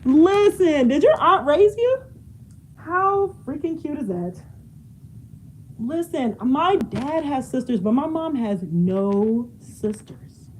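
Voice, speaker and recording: A woman's voice: sits high, expressive, slow, slight background noise, poor audio. A young woman chatting casually while she cleans her home, laughing often and drifting away from the mic as she moves. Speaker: vlogger. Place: home, moving around rooms.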